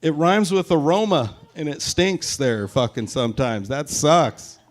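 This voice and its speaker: A man's voice: on the high side, measured pace. A young man doing a stand-up set in a brewery, brash and profane, working the crowd with punchy jokes. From Pacific Northwest, USA. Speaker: stand-up comedian. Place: brewery, live audience.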